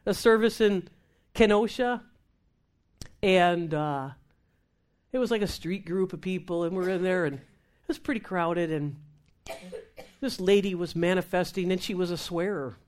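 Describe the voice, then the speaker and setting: A woman minister telling a lively testimony in conversation, acting out the voices of the people in her story and laughing as she goes. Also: fairly low pitch. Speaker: Christian minister. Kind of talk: testimony talk show conversation.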